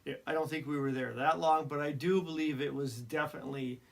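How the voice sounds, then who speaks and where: Brief: man, fifties, relaxed storyteller, self-deprecating, laughs a lot. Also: fairly high pitch, a little fast, gravelly. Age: 50s. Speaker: podcast co-host. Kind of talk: casual storytelling.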